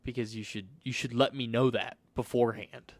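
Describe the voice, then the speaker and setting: A man's voice: mid-range voice, fairly even intonation, a little fast, no room sound. A man co-hosting a podcast in casual chat, blunt and swearing as he tells stories with quoted reactions into a studio microphone. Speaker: podcast co-host.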